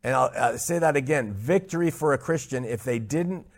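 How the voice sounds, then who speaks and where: A man teaching a Bible study, speaking emphatically, repeating key points and slowing down to stress scripture. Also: mid-range voice, expressive.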